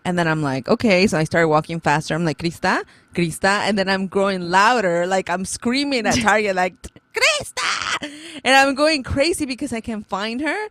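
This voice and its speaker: A woman in her thirties co-hosting a podcast, telling a story in lively casual chat and laughing often. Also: medium pitch, a little fast, hardly any pauses, a little hiss or hum. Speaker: podcast co-host.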